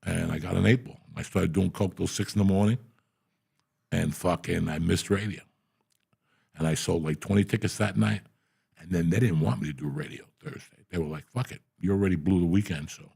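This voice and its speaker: A man's voice: sits low, normal speed, vocal fry, a little mellow, slightly rough. A man guest telling profane, blunt stories in a casual interview. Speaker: guest comedian.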